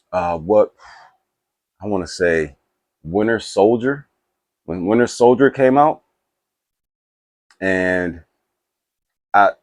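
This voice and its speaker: A man chatting casually to camera about movies, rambling with restarts and asides and getting excited. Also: low voice, no echo. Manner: animated and excitable. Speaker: movie reaction YouTuber.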